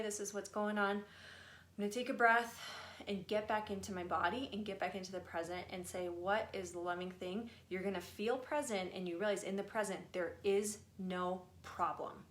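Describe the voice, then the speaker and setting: A woman's voice: mid-range voice, roomy sound. A woman speaking casually and earnestly, passing on messages from her spiritual guides and swearing now and then. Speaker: spiritual channeler. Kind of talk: casual channeling talk.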